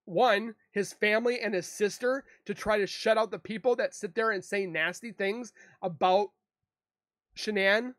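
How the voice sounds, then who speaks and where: A man's voice: sits high, a little slow, a bit bright, no echo, studio quality. A man in an emotional, defensive monologue to camera, rambling and repeating himself as a true crime YouTuber. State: emotional, upset.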